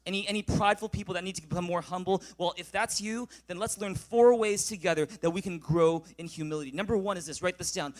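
High-voiced male pastor preaching. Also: fast talker, few pauses. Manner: call-and-response preaching, rising loud for scripture. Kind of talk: sermon.

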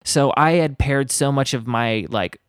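A man talks casually and at length, his speech wandering through asides and stories. He gets animated and lively when something excites him. The room is dry, with no echo at all. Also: medium pitch, measured pace, smooth. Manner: rambling, animated storytelling. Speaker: guest musician. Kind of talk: casual conversation.

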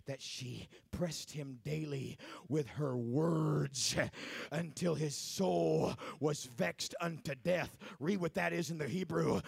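A male preacher giving a sermon in a church, swinging from hushed lines to shouted, rhythmic repetition. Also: on the high side, gravelly, slightly rough.

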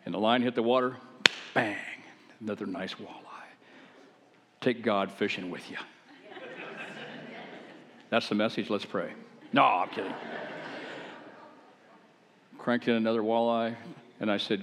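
A man preaching, telling his own testimony in a folksy, animated, conversational way with self-deprecating humor. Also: fairly low pitch, a little slow, long pauses, a little hiss or hum. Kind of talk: folksy storytelling sermon. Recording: long hall reverb.

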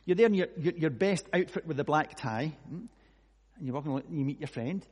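Husky preacher in echoing hall. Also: male voice, a little high, expressive, fast talker. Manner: musing, asks many rhetorical questions, swings between hushed and loud. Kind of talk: conversational sermon. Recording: long echoey hall reverb.

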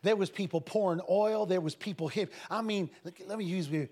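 A man preaching a sermon to a congregation, telling stories emphatically and breaking into shouts and laughter. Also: high-pitched, brisk. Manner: emphatic, swings into shouting and laughter, lively storytelling. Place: church service with a congregation.

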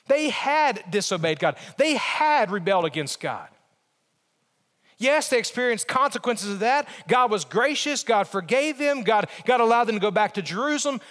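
Pastor, middle-aged man, fairly high voice, emphatic sermon delivery, long church reverb. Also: a bit bright. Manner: earnest, emphatic preaching with pauses and repeated phrases.

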